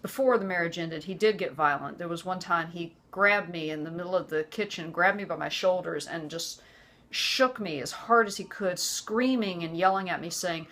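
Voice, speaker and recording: A woman in her forties speaking earnestly to the camera about her own life, halting often and restarting her sentences. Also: fairly low pitch, a bit bright. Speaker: vlogger. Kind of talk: personal testimony to camera.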